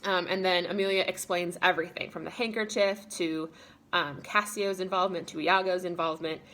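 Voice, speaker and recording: A woman's voice: on the low side, steady tone, fairly quick, fairly bright tone. Chatty woman teaching a casual lesson. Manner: chatty and informal, with many fillers, paraphrasing characters in quoted lines. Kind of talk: casual spoken lesson summary.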